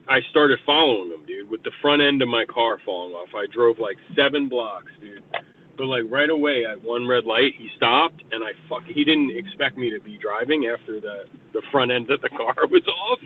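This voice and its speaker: A man from New York telling a long, rambling personal story, swearing constantly and filling pauses with filler words. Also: mid-range voice. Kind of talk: casual storytelling. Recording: muffled lo-fi with faint noise.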